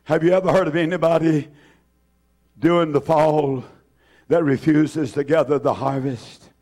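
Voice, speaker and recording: A high-pitched man preaches to his church with fervor. He repeats his phrases, rises to loud cries, then drops to soft, hushed lines. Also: steady tone, a little slow. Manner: fervent, repetitive, swings from loud to hushed. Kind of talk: impassioned sermon.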